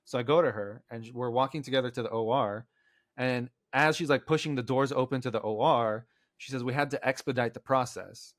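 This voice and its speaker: This podcast co-host has a medium-pitched voice and talks fairly quickly over a dry, clean studio recording. He casually spins a long, meandering story among friends, voicing other people's lines and filling it with ums and likes.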